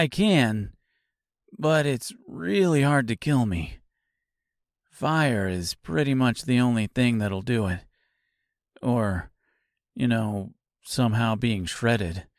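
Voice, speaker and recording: A man's voice: mid-range voice, no room sound, clean studio sound. A man reading an audiobook, voicing an easygoing male scarecrow who talks in a nonchalant, matter-of-fact way.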